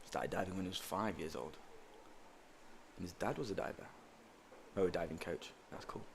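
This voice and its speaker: A man with a deep, low-pitched voice calls a junior diving event live. He talks in a relaxed, chatty way and drifts into light-hearted asides between dives. A faint background hiss sits under his voice. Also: moderate pace, vocal fry. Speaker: diving commentator. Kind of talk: live sports commentary.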